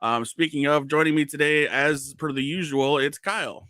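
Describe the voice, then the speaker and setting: A man hosting a casual podcast, joking and teasing his co-host with quick asides. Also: on the high side, bright, forceful tone, clear, resonant tone, dry recording, studio quality.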